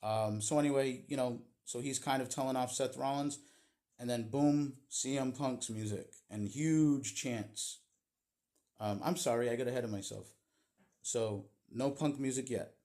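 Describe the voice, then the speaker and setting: A man's voice: mid-range voice, measured pace, mellow. A man giving a casual, opinionated recap of a wrestling show in a chatty storytelling way. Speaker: wrestling vlogger.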